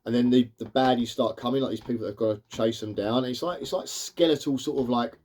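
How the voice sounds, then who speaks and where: Casual male reviewer, rapid and rambling, average pitch. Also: a little mellow. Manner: rambling, leans on fillers like "sort of" and "like". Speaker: cartoon reviewer.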